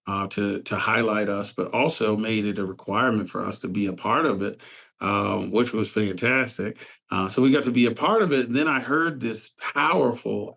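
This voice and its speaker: A man's voice: fairly low pitch, creaky. A man in casual conversation on a podcast, telling a story about organizing a fatherhood summit and acting out the people he quotes. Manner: animated, acts out quoted voices.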